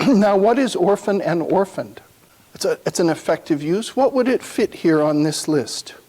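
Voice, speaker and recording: A man giving a university lecture, thinking aloud and reading quotations slowly and solemnly. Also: sits high, animated, mellow.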